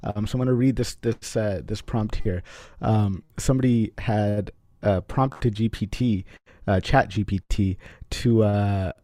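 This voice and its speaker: Chill guy hosting a hangout, lowish voice, mellow dark tone, dry sound. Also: fairly even intonation, a little slow, dry recording. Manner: laid-back, says "man" a lot. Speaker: host. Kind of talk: casual group chat.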